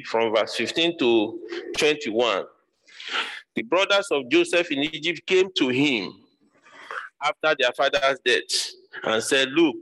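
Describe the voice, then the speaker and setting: A man's voice: mid-range voice, pushed and bright, poor audio. A man preaching a sermon, emphatic and repetitive, drawing out his phrases. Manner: emphatic, repeats phrases, slow deliberate delivery.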